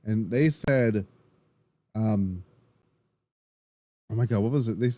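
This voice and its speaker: Excitable man rambling through a wrestling recap. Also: on the low side, slow pace, no room sound. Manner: rambling, excitable, frequent restarts and profanity. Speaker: wrestling podcast host. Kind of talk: casual solo recap.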